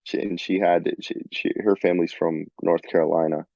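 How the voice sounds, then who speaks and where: A man's voice: low voice, flat delivery, a little fast, vocal fry, dark tone, dry recording, highs cut off. A laid-back man from Rhode Island in a casual chat, laughing easily. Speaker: guest.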